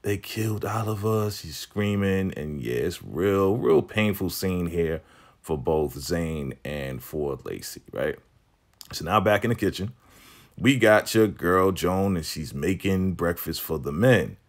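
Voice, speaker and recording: A man giving a casual, animated recap of a TV episode, acting out the characters' lines as he goes. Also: low voice, slow. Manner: animated storytelling, acts out quotes. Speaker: TV recap vlogger.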